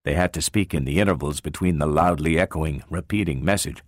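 A man narrating an audiobook with an expressive, varied storytelling delivery. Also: very deep voice, a little fast, dry recording, clean studio sound.

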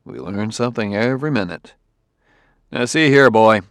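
A man's voice: fairly low pitch, normal speed, dry recording, studio quality, lightly acted. A man voicing a blunt, impatient male detective who gives orders brusquely. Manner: brusque, commanding.

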